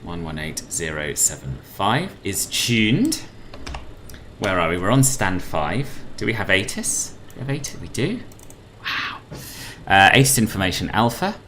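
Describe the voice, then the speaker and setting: A man's voice: sits low, big pitch swings, a little slow, pushed and bright, slight background noise. Playful british man streaming flight sim. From United Kingdom. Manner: chatty and playful, laughs often, calls people boss. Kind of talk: live-streamed flight sim chat with radio calls.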